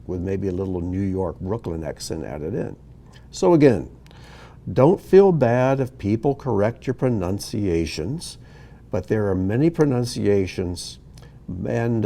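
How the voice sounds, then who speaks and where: Midwestern male teacher, low mellow voice, slow and patient, lively intonation, recorded video lesson. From Ohio, USA. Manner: patient, slow and explanatory, with self-corrections and asides. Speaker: Hebrew teacher.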